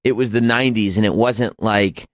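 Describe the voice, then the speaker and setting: A man's voice: lowish voice, steady tone, normal speed, no room sound, studio quality. A man hosting a talk radio show, bantering casually in a sarcastic, crude way. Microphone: studio microphone.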